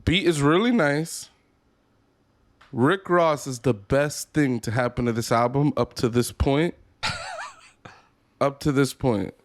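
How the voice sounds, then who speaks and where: A man's voice: medium pitch, slow, long pauses, no echo. A man co-hosting a casual music podcast with a wry, playful manner. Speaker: podcast co-host. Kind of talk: casual chat.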